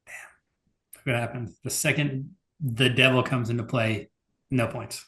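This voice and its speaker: A man's voice: mid-range voice, fairly even intonation, a little slow, sharp tone. A man co-hosting a podcast, talking casually with lots of fillers and some exasperation. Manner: loose, filler-heavy, exasperated. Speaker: podcast co-host. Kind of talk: casual chat.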